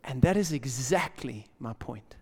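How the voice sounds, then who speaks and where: Guy preaching, casual slang, big dramatic swings loud to hushed, long hall echo. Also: medium pitch, lively intonation, a little slow, breathy edge. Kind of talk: lively sermon.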